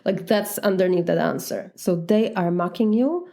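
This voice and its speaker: Speaking at normal speed in a mid-range, creaky and mellow voice, a Polish-accented life coach addresses her listeners directly and casually. She demonstrates how to reply by saying the answers out loud.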